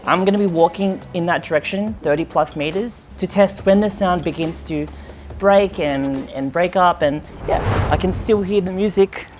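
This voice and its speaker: A woman's voice: lowish voice, moderate pace, darkish tone, soft background music. A woman reviewing a headset in a casual, chatty way, with loose phrasing and frequent fillers. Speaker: tech product reviewer.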